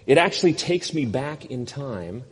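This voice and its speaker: A man's voice: medium pitch, big pitch swings, normal speed, breathy edge, in a large hall. A man in his fifties, a pastor preaching a sermon with a wry, self-deprecating storytelling manner.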